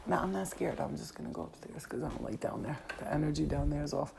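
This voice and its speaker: A woman, telling true stories casually, profane and animated, often laughing. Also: low-pitched, fast talker, vocal fry, noisy background. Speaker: storyteller host. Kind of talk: casual storytelling live stream.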